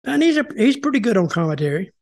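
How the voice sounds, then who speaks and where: This older man's voice is high-pitched yet gravelly and darkish, and he talks quickly and with great animation. Hosting an informal chat, he tells meandering wrestling stories, restarting and repeating himself while quoting others' words.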